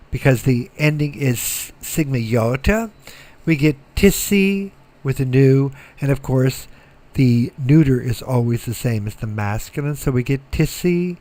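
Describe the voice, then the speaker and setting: Slow, methodical male teacher. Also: mid-range voice, a little mellow. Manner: slow, methodical, repeats words to drill them. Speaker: Greek teacher. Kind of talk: recorded lecture.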